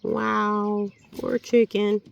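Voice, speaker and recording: A woman's voice: mid-range voice, level tone, very slow, vocal fry, a little hiss or hum, rough recording. Tired, folksy woman vlogging outdoors. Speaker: homestead vlogger. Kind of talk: casual chat to camera. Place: outdoors by animal pens.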